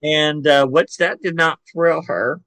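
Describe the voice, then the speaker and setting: Older man with a bright southern drawl. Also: on the high side, takes it slowly, no room sound. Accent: Southern American. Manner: animated storyteller who acts out relatives' voices. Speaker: podcast guest, psychic medium and author. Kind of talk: casual storytelling interview.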